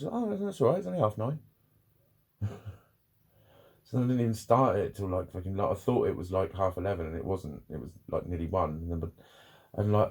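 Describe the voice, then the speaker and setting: Gravelly low-voiced man rambling. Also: dark tone. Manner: rambling, sweary, self-critical. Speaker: vlogger. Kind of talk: casual confessional vlog.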